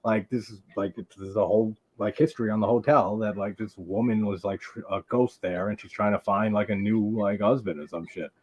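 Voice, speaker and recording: Rambling low-voiced man on a muffled stream. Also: fairly even intonation, a little fast, few pauses, husky. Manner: rambling, heavy "like" filler, laughs often. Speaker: host. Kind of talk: casual live movie-watching chat. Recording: dull lo-fi stream audio.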